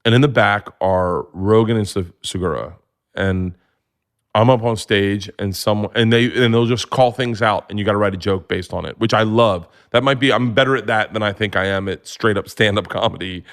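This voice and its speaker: A man in his forties, a comedian guest, telling stories in casual chat with animated, excited bursts. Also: normal speed. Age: 40s. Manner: animated storyteller, jumps to high excited voices when acting out scenes. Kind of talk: casual storytelling.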